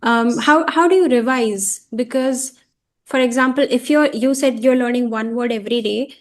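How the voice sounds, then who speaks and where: A young woman with an Indian English accent, hosting a casual English conversation practice and asking curious, animated questions. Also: fairly high pitch, normal speed. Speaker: host.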